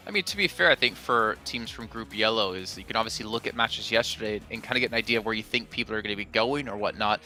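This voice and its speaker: Very bright-voiced male esports desk host. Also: fairly low pitch, fast, hardly any pauses, faint music behind. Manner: teasing, chatty, hands off questions.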